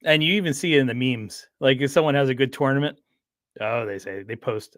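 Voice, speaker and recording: A man's voice: mid-range voice, a little fast, a bit bright, no echo, studio quality. A man chatting casually on a livestream, rambling with frequent restarts and fillers. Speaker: streamer.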